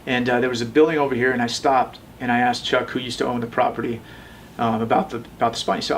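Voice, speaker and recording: A man's voice: medium pitch, steady tone, fast, hardly any pauses, a bit bright, distant mic, a little hiss or hum. A man in his thirties, a tattoo shop owner, tells his story in a casual interview, rambling and often restarting. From Las Vegas, USA.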